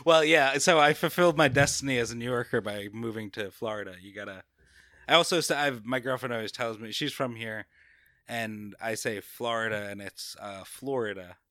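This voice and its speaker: A man's voice: medium pitch, a little fast, bright, forceful tone, no echo, studio quality. A young man from Long Island with a New York accent, chatting as a podcast guest in a rambling way full of restarts. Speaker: guest comedian. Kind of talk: casual podcast chat.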